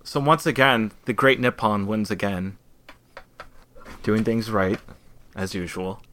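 A man's voice: fairly low pitch, steady tone, slow, a bit bright. A man hosting an improvised comedy interview, asking eager, bumbling questions and apologizing often.

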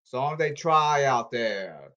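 A man's voice: mid-range voice, very animated, pushed and bright, lo-fi sound. Man ranting in rambling bursts. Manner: repetitive, halting, ranting.

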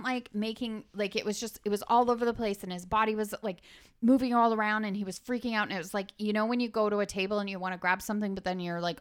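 A middle-aged woman, a mother, telling a family story in casual chat, animated and laughing often. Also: mid-range voice, quick pace, clear, resonant tone.

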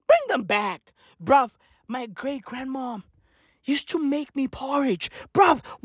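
A hoarse vlogger tearing through a comedic rant, swinging their pitch wildly up and down. The talk is full of slang and swearing, with "bruv" and "fam" again and again. The recording is close and dry, with no room sound. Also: big pitch swings, takes it slowly, fairly bright tone, no room sound. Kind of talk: profane comedic rant to camera.

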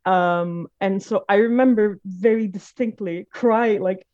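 Hesitant, mellow-voiced woman in her late 20s. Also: medium pitch, unhurried. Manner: hesitant, many fillers and restarts. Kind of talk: casual personal storytelling. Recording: dull lo-fi recording.

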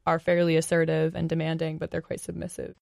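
A woman's voice: low-pitched, completely flat delivery, quick pace, gravelly, darkish tone, no echo, studio quality. A woman chatting casually on a podcast, rambling and searching for words, with many "like"s. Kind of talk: casual chat.

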